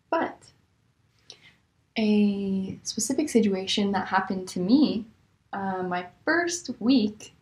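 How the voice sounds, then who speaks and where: A young woman vlogger telling casual stories about rude customers, animated and exasperated, her voice jumping high in disbelief. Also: drawn-out words, pauses often. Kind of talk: casual storytelling. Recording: echoey room.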